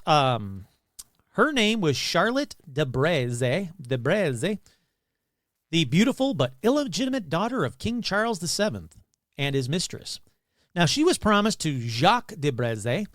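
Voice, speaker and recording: A man's voice: sits high, fairly bright tone, dry recording, clean studio sound. A man hosting a podcast, telling ghost stories casually with crude jokes and asides. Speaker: podcast host. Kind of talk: casual comedic storytelling.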